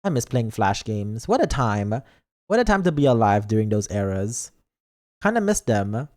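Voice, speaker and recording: Young male vtuber, playful and theatrical, lively pitch swings, trips over words. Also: normal speed. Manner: playful, dramatic mock outrage, stumbles over words. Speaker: vtuber streamer. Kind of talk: casual livestream chat reading comments.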